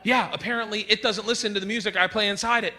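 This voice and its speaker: A man on a comedy stage delivers a routine in a wry, chatty way, his voice a little higher than most men's. Clear background noise runs under the live recording. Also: steady tone, fast talker. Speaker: stand-up comedian. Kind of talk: stand-up routine.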